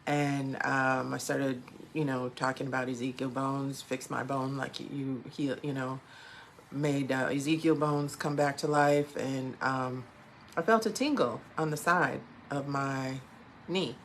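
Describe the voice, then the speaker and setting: A woman's voice: very deep voice, measured pace. A middle-aged woman telling a personal faith story in a casual way, acting out the dialogue and laughing between lines. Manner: animated, acts out the dialogue, laughs between lines, many fillers. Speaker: speaker sharing a personal testimony. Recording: faint background noise.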